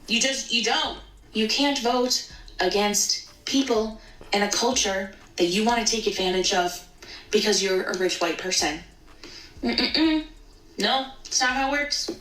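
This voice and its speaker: A woman's voice: medium pitch, a little slow, fairly bright tone. A woman delivering an emphatic, indignant rant in a recorded clip. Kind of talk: social media rant clip. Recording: echoey, from a distance.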